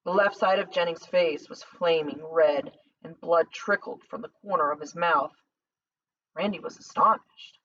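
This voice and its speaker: A woman's voice: low voice, unhurried, a bit bright. Woman reading a novel aloud. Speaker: audiobook narrator. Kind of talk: scripted narration. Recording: slightly distant dull lo-fi recording.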